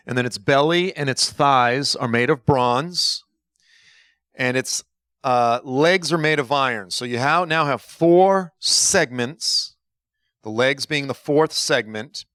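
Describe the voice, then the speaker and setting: A man's voice: mid-range voice, no room sound. Man preaching a chatty, dry-miked sermon. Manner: animated storytelling, acts out dialogue, laughs at himself. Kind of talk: conversational sermon with anecdotes.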